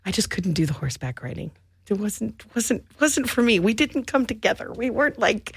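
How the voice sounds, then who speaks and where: A woman's voice: fairly high pitch, sing-song, moderate pace, gravelly, breathy edge, no room sound, studio quality. A woman born in England who speaks, chatting casually, laughing easily and restarting her sentences. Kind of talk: casual chat.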